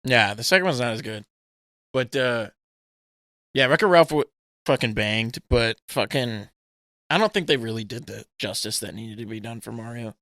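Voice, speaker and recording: A young man co-hosting a podcast, chatting casually and profanely, retelling scenes with animated energy. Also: mid-range voice, normal speed, dry recording, clean studio sound. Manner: animated, profane, acts out movie scenes in funny voices. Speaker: podcast co-host. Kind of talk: casual chat.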